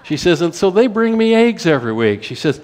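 A man, telling a testimony story in a sermon in a folksy way, rushing through some runs and slowing for emphasis. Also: high-pitched, sing-song, darkish tone.

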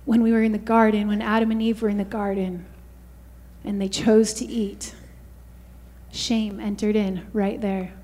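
A woman's voice: medium pitch, little pitch movement, a little slow, dark tone. A woman preaching a fervent sermon, often saying "you guys" and "hallelujah" to the congregation.

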